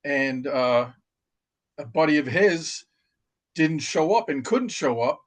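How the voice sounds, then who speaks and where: A middle-aged retired Marine from New York, telling stories in casual chat with plenty of fillers and restarts. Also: male voice, on the high side, animated, slow. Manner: rambling, many restarts and fillers. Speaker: podcast guest, retired Marine. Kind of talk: casual storytelling.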